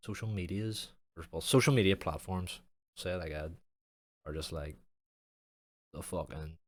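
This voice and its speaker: A young man hosting his own podcast with a very deep voice. He talks in long, loose, jokey rambles and swears almost every sentence. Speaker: podcast host and streamer. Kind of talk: casual podcast chat.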